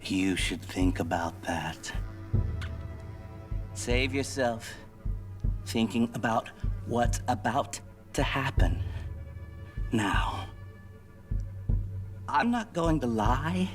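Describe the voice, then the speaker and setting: A slow, taunting murderer. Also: male voice, mid-range voice, expressive, faint music behind. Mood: menacing. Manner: slow, mocking, menacing. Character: calm, taunting adult male murderer. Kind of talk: video game voice acting.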